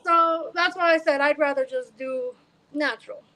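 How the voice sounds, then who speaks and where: High-voiced chatty woman guest. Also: moderate pace, bright, forceful tone, low-quality recording. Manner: chatty, giggly, frank. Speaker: musician guest. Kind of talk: casual interview chat.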